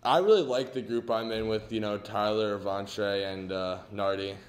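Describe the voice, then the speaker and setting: A teenage high school student giving an offhand, casual interview answer. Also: male voice, moderate pace. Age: teens. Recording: echoey classroom.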